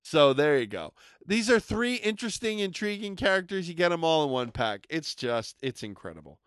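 An enthusiastic man co-hosting a podcast, his voice smooth and resonant and sitting a little high. He rambles cheerfully while hyping up products. The sound is close and dry. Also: sing-song, moderate pace, fairly bright tone, no echo. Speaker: podcast co-host reviewing toys and collectibles. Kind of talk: casual podcast chat.

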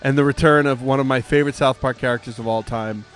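A man's voice: mid-range voice, fairly even intonation, fast, soft background music. A man hosting a podcast, chatting casually in a rambling, joking way with plenty of fillers. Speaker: podcast host. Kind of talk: casual chat.

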